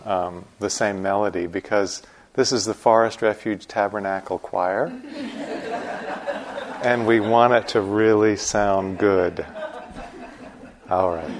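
A man guiding a meditation group before chanting, explaining patiently with gentle humor. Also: lowish voice. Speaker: meditation teacher.

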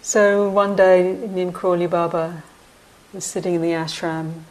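A woman meditation teacher giving a dharma talk in a slow, reflective way with frequent pauses. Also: on the low side, level tone, a little mellow, slight background noise, rough recording.

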